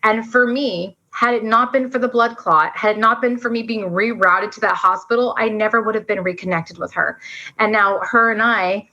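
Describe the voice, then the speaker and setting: A woman in her forties recounts her own story as a podcast guest, rushing along with earnest feeling and lots of "like". Her voice is bright and forceful. The recording sounds dull and lo-fi. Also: mid-range voice. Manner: fast, earnest, says "like" a lot. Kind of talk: emotional storytelling.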